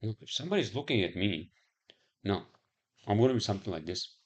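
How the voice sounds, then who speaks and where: A man's voice: lowish voice, animated, fast talker. A man rambling in a casual monologue, swearing often and musing aloud with lots of fillers.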